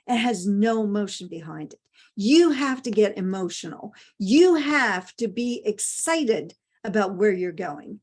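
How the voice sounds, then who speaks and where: A middle-aged woman with a somewhat high voice delivers a motivational talk. She speaks emphatically, hammering home her points by repeating key phrases. She keeps asking rhetorical questions. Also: animated, normal speed, a little mellow.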